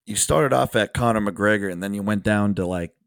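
A man's voice: lowish voice, fairly quick, vocal fry, no room sound. A man co-hosting a casual sports podcast, talking emphatically, restarting phrases and dropping in frequent "all right"s. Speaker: podcast co-host.

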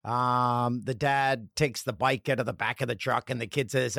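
A man from Canada hosting a solo comedic podcast, talking in an animated, sarcastic way and slipping into mock voices. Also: medium pitch, normal speed, vocal fry, hardly any pauses, dry recording, clean studio sound. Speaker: podcast host.

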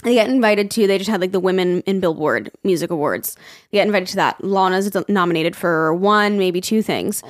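A woman's voice: on the low side, fairly quick, dry recording, clean studio sound. A young woman co-hosting a podcast, talking in a chatty, rambling way and swearing freely. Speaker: podcast co-host. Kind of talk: casual podcast chat.

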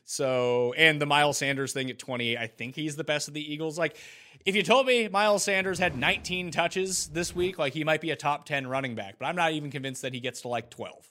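A man's voice: on the high side, a little fast, sharp tone. A man co-hosting a casual sports podcast, talking loosely and leaning on "like" a lot. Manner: loose and chatty, full of "like". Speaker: podcast co-host.

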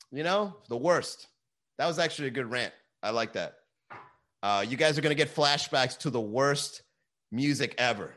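A man's voice: mid-range voice, a bit bright. Swearing thirty-something man ranting casually. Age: 30s. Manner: loose, swearing, addresses listeners as bro and man. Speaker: podcast host. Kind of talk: casual profane rant.

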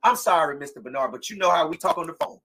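A man hosting a true-crime podcast, giving impassioned commentary in a preachy way and breaking into shouts. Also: fairly high pitch, animated, quick pace, low-quality recording. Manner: fiery, preachy, shouts in bursts. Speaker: podcast host.

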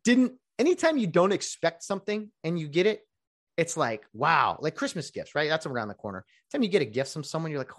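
A man who works as a rideshare driver, talking casually in a rambling vlog monologue. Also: fairly quick. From California. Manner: rambling, restarts often, lively pitch.

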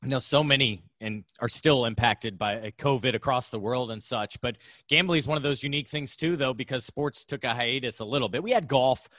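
A man's voice: medium pitch, fairly quick, pushed and bright, no room sound, clean studio sound. A man hosting a podcast, asking his guest questions in a conversational way. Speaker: podcast host. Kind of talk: podcast interview.

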